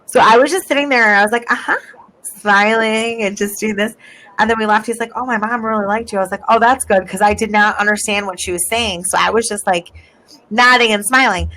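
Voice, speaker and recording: A woman co-hosting a podcast, telling anecdotes in an easygoing, measured way. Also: medium pitch, pushed and bright, poor audio. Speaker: podcast co-host. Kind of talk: casual podcast chat.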